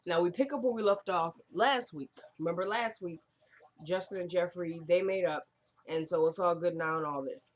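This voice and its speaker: A woman's voice: lowish voice, moderate pace. Chatty woman recapping a TV episode. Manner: chatty, retells scenes line by line; lively, laughing asides.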